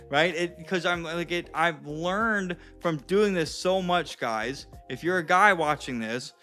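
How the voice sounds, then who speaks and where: A man's voice: fairly high pitch, slow pace, pushed and bright, soft background music. A man of thirty giving casual coaching advice to viewers, chatty and profane, calling them guys and dude. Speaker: dating and confidence coach.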